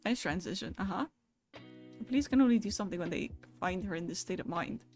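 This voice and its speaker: A woman's voice: lowish voice, expressive, darkish tone, faint music behind. A young woman streamer chatting casually and reading viewer messages aloud, swearing freely in a loose, joking way. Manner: casual, profane, quick to laugh.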